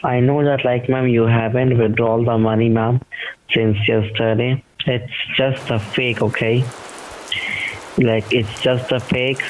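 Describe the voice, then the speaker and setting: A man's voice: medium pitch, level tone, unhurried, a little hiss or hum. A man with an Indian accent on a phone call, pushy and pleading, calling the listener ma'am over and over. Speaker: phone scammer. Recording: tinny phone line.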